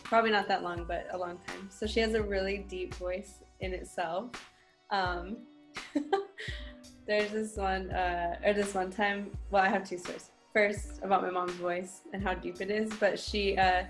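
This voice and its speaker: A woman's voice: mid-range voice, fairly even intonation, unhurried, soft background music. A young woman co-hosting a podcast, telling stories casually and laughing often. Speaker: podcast co-host. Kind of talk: casual storytelling chat.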